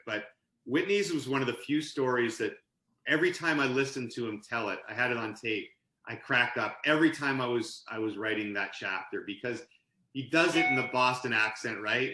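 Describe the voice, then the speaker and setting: A man guesting on a podcast as an author and sportscaster, telling animated anecdotes in casual conversation. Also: mid-range voice, roomy sound, low-quality recording. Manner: animated anecdote-telling, laughs mid-story. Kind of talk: casual storytelling interview.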